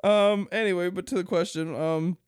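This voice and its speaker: A man's voice: high voice, fairly even intonation, moderate pace, smooth, no echo, studio quality. A young man hosting a podcast alone, rambling casually with crude jokes and frequent laughter. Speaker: podcast host. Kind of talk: casual solo podcast chat.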